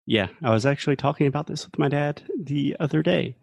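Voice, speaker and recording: A man's voice: a little high, brisk, creaky, darkish tone, no echo, clean studio sound. A man, co-hosting a casual podcast chat and patiently explaining English pronunciation. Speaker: co-host teaching English.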